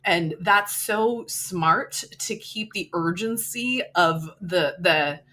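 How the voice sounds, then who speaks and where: A woman's voice: lowish voice, slow pace, bright, forceful tone. A woman co-hosting a podcast, gushing enthusiastically about a romance novel and swearing casually. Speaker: podcast co-host.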